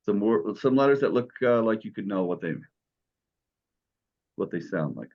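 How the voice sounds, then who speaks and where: A man's voice: on the low side, lively intonation, moderate pace, dull audio. A man teaching a beginners' Greek class, explaining letters and sounds patiently, step by step. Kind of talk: classroom lesson.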